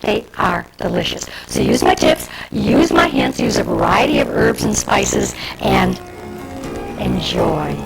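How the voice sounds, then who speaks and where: Gravelly woman hosting a cooking demo. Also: sits low, wildly swooping pitch, a little slow, loud music behind the voice, rough recording. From Michigan, USA. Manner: chatty, homey, asides to the viewer. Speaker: cooking show host. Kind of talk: cooking demonstration to camera.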